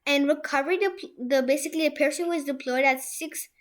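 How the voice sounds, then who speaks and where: A young woman hosting a software tutorial from a room at home, talking it through in a rambling way with many restarts. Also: high-pitched, fast talker. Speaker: tutorial host. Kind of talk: screen-share software tutorial.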